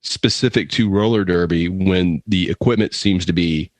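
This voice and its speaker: A man's voice: low voice, moderate pace, dry recording. A man co-hosting a comedic news podcast, scolding his co-hosts in a playful, mock-serious way. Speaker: podcast co-host.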